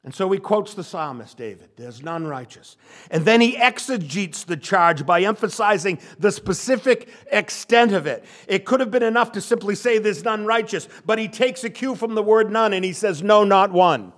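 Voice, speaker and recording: A man's voice: high-pitched, expressive, moderate pace, few pauses, a bit bright. An older male pastor giving a sermon, stressing and repeating key phrases. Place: church sanctuary.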